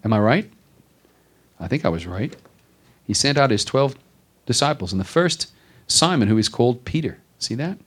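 A male pastor preaching a sermon to his congregation, building with repeated emphatic phrases and dropping to quiet stresses. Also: medium pitch, lively intonation, normal speed, pauses often, slightly rough. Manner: preaching with rising emphatic repetition.

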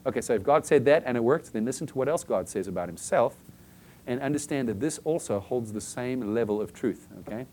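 A man's voice: medium pitch, animated, a little fast, darkish tone, a little hiss or hum. A man preaching a conversational sermon, often asking "okay?" and acting out short everyday scenes to make his point. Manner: chatty, keeps checking in with "okay?" and acts out little scenes.

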